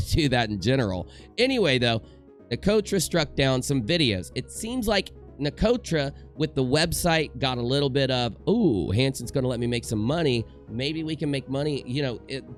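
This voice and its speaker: A man's voice: medium pitch, animated, brisk, soft background music. A young man giving a casual commentary rant from home in front of a green screen, joking and rambling with self-mocking asides. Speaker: commentary YouTuber.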